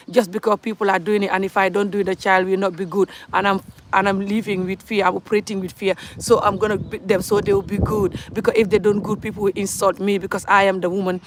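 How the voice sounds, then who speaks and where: A Gambian woman in her forties talks straight to her viewers in a live stream. She is outspoken and passionate, and her thoughts run on from one to the next. Faint noise sits under her voice. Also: mid-range voice. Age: 40s. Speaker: livestreamer. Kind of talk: casual live monologue.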